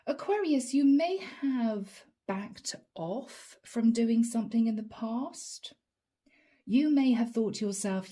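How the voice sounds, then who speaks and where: A woman's voice: fairly high pitch, expressive, measured pace, warm tone, husky. A woman giving a chatty tarot reading straight to her viewers, laughing often and calling them guys. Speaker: tarot reader.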